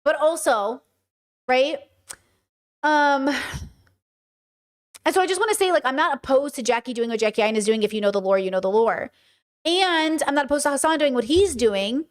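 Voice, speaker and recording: A woman from Southern California hosting her podcast, delivering blunt, fast commentary that slips into swearing rants. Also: sits high. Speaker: podcast host. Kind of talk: casual commentary.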